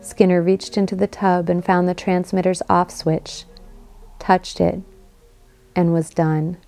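Brief: female audiobook narrator, unhurried and measured with a creaky texture. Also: lowish voice, little pitch movement, warm tone. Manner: slow, measured reading. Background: faint guitar music.

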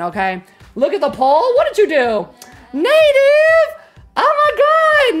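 A woman livestreamer rambling energetically through a casual sign-off, her voice a little croaky. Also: high-pitched. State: slightly croaky. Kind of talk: casual stream sign-off chat.

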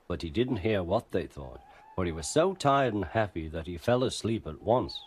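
A man narrating a children's storybook tale in an expressive, animated way. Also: deep voice, normal speed, slightly rough.

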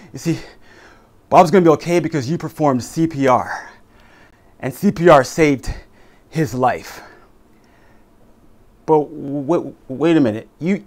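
A man giving an emphatic, dramatic motivational speech that leans on repeated lines. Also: on the high side. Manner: dramatic, repetitive, emphatic delivery. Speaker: motivational speaker.

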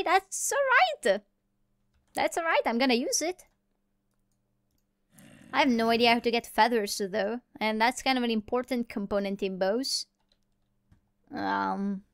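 A woman's voice: on the high side, smooth, dry recording. A woman giving rambling, playful let's-play commentary as she plays alone, talking to herself and to the animals she meets. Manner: rambling, playful self-talk. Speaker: gamer playing solo.

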